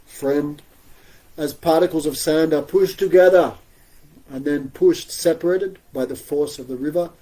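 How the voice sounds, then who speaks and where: A man's voice: a little high, a little slow, mellow, rough recording. A man giving a spiritual scripture class, telling stories with frequent chuckles and rhetorical questions. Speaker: spiritual teacher.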